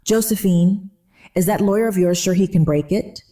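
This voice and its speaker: Shrill greedy daughter-in-law, as an older woman reads her. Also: moderate pace, recorded from a distance, close to an everyday voice. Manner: tight and sharp.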